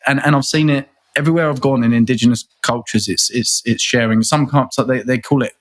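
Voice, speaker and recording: A man's voice: medium pitch, steady tone, a little fast. A man, a guest in a casual interview, talking earnestly and rambling, often repeating words and restarting. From England.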